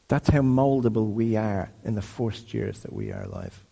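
A man's voice: mid-range voice, big pitch swings, normal speed, vocal fry, hardly any pauses, mellow. A man in his fifties giving a conversational sermon-style teaching talk, often asking the audience questions. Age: 50s. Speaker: speaker. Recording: long hall reverb.

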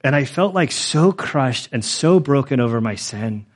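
A man's voice: mid-range voice, animated, measured pace. A man in his forties, a pastor telling his own story in a sermon, earnest and rambling, with many fillers. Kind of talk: sermon testimony.

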